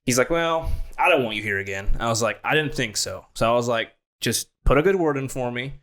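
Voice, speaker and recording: A young man co-hosting a podcast who tells stories in a lively, profane way, acting out both sides of an argument. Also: medium pitch, a little fast. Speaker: podcast co-host. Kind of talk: casual chat.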